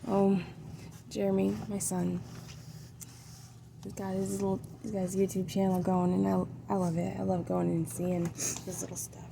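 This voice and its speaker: A woman's voice: medium pitch, flat delivery, normal speed, vocal fry, long pauses. A middle-aged woman vlogging as she paints, rambling and hesitant, trailing off, sounding tired. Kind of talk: casual rambling chat while painting. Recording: noisy background ambience.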